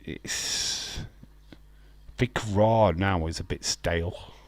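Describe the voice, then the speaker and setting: A man's voice: low voice, extremely slow, dry recording. A man hosting a casual live stream, chatting loosely, laughing often and answering viewers' comments. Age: adult with children.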